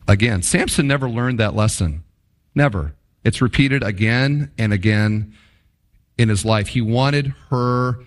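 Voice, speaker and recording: A man preaching a sermon, addressing his congregation with rhetorical questions and stretching key words for emphasis. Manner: emphatic, swings between low drawn-out stresses and quick asides. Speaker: pastor.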